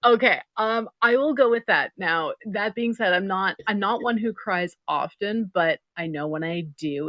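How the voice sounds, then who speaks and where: A middle-aged woman guest telling stories in a casual interview, animated and laughing often. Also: low voice, no room sound, dull audio. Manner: animated storytelling, laughs a lot.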